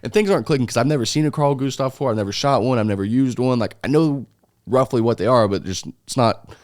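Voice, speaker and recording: A young man telling a story in a casual interview, animated and full of restarts and casual swearing. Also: medium pitch, quick pace, dry recording, clean studio sound. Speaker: interview guest, foreign volunteer fighter.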